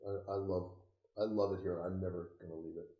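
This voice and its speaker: An older man with a fairly low voice tells stories as an interview guest. He is animated and often laughs, and he swears freely. The room gives his voice a roomy echo. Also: brisk. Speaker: interview guest, occultist author. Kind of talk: casual storytelling conversation.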